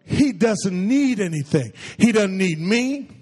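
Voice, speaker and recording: A pastor preaching a sermon in a lively, conversational way, with playful asides and quoted voices acted out. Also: male voice, slow pace, breathy edge, faint music behind. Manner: acts out quoted voices in a high pitch.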